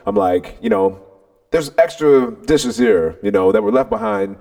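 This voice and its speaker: A man's voice: lowish voice, normal speed. A man co-hosting a podcast, telling a story in casual chat, acting out what people said, swearing and laughing often. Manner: animated, acts out quotes, swears, laughs often. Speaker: podcast co-host.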